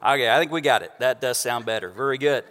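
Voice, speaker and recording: A pastor preaching a sermon from a church stage into a microphone, conversational and joking with the congregation. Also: male voice, medium pitch, fast talker, a bit bright. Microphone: stage microphone through house speakers. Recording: long church reverb.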